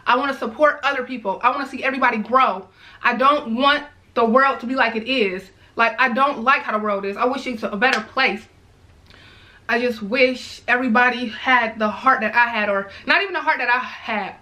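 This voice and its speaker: A woman with a high, bright, forceful voice speaks straight to her viewers in a casual vlog. She is heartfelt and repetitive, leaning on "y'all" as she talks it through. She sounds like a mother sharing her feelings unscripted. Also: fairly quick, rough recording. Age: adult, mother of young girls. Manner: heartfelt, repeats herself, addresses viewers as y'all. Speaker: vlogger. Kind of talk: emotional casual commentary to viewers.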